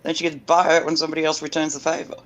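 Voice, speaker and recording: Australian male panelist, slightly high voice, outspoken and profane. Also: flat delivery, very fast, a bit bright. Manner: blunt, swears freely, emphatic. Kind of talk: casual chat.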